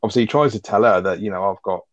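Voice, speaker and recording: Fast-talking low-voiced man. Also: dry recording. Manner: rapid, sweary, rambling with fillers. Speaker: podcast co-host. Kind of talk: casual film chat. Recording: dull lo-fi audio.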